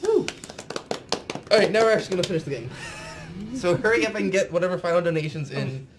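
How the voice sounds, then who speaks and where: A man's voice: high voice, expressive, fast talker. A man playing a video game live for charity, talking to himself as he plays. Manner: mutters to himself while playing. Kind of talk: casual live-stream play talk. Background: game music.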